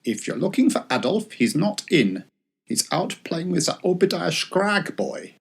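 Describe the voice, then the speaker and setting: Man doing a grumpy old man, gravelly, husky, blunt, grumbling, lively pitch swings. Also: unhurried, exaggerated voice. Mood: gruff.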